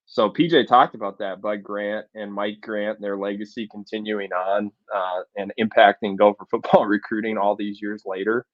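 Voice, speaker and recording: A man's voice: on the low side, flat delivery, normal speed, hardly any pauses, no echo, lo-fi sound. A man co-hosting a sports chat show, breaking down recruiting in an analytical way with frequent fillers. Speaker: sports podcast co-host.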